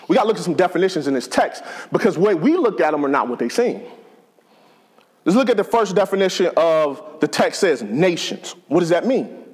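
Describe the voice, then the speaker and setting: A man preaching with a fairly high voice for a man, his tone bouncing up and down as he jokes and builds his points. He talks to the congregation like old friends, casual and lively. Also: moderate pace, long pauses, breathy edge. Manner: conversational, joking, animated preaching. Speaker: pastor. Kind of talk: sermon.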